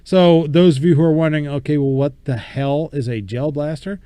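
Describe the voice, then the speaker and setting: A man's voice: on the high side, steady tone, a little fast, dark tone, smooth, no room sound. A man hosting a casual show, speaking bluntly with casual swearing and reading news items aloud. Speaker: show host.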